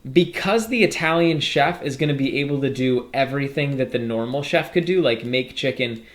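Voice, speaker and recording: A man's voice: medium pitch, fairly quick. A man explaining programming in a casual, upbeat way, walking through code as he types. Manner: casual, upbeat explaining with fillers while coding. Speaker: programming tutor. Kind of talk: screen-recorded coding tutorial.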